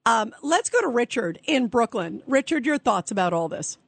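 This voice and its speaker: A woman's voice: fairly high pitch, very animated, normal speed, vocal fry, slightly rough, no echo. A woman hosting a call-in radio show, giving indignant, sharply critical commentary into a close studio mic. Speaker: radio talk show host.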